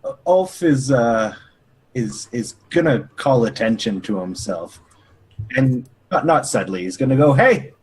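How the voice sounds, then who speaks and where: A man playing a tabletop role-playing game, describing his character's moves in a halting, deadpan way. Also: mid-range voice, low-quality recording. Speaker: player.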